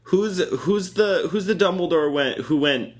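A man's voice: high voice, a little slow. A young man co-hosting a casual chat, playful and joking, laughing often.

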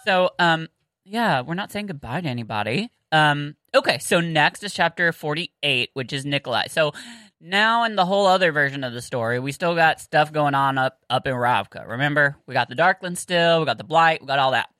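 A woman's voice: deep voice, expressive, moderate pace, fairly bright tone, dry recording, rough recording. A Southern American woman co-hosting a casual book-discussion podcast, chatty and giggly with lots of fillers and restarts. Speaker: podcast co-host.

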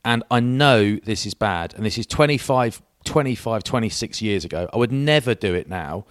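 A man's voice: fairly low pitch, lively intonation, moderate pace, no echo, clean studio sound. A man in his forties co-hosting a podcast, telling rambling, self-mocking anecdotes in casual chat. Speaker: podcast co-host.

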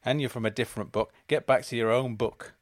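A man's voice: mid-range voice, steady tone, brisk, no room sound, clean studio sound, close to an everyday voice. A man voicing a scornful teenage boy who calls everyone a phony, in a sneering, dismissive way.

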